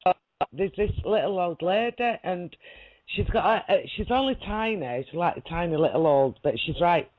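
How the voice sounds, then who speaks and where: A woman's voice: fairly low pitch, animated, normal speed. A woman, a guest rambling through a story in a casual chat, laughing often and checking that she is understood. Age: 40s. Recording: lo-fi audio.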